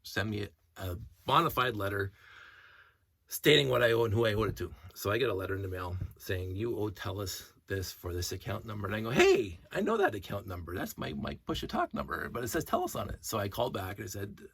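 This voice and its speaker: Animated, husky-voiced man telling a story. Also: on the low side, fairly quick. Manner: animated and indignant, rambling retelling. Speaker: vlogger. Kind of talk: casual storytelling rant.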